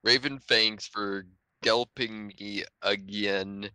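Slow, low-voiced young man reading aloud. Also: steady tone, pushed and bright, clean tone, dry recording. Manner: unhurried, breaks into laughter at the text. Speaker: reader. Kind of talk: reading a story aloud to friends.

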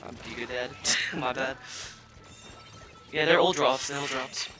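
A man's voice: medium pitch, measured pace, over music. A young man streaming a team game, chatting casually, swearing and cheering his team on. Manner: excitable, swears, cheers loudly. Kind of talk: casual gaming chat with callouts.

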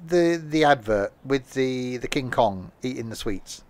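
A man's voice: mid-range voice, expressive, measured pace, darkish tone. Rambling, jokey man streaming. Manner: rambling, jokey, talks to himself and chat. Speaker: game streamer. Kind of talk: casual live-stream chatter while playing.

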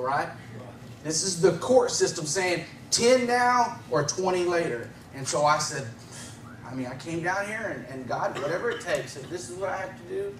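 A man's voice: sits high, recorded from a distance, slight background noise. Man telling testimony in an echoey church. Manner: conversational storytelling with frequent chuckles. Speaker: guest giving testimony.

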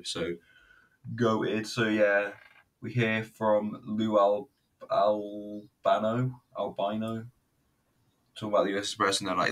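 A man's voice: on the low side, bright, forceful tone, low-quality recording. A man giving a casual, rambling, sweary running review while he watches a video.

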